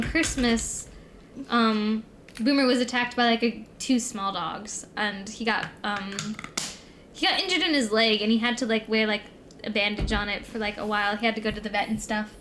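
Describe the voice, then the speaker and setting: A woman's voice: a little high, a bit bright, slight background noise. A young adult woman streamer telling a long rambling story in casual chat, full of "like" and "um". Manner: rambling, filler-heavy storytelling.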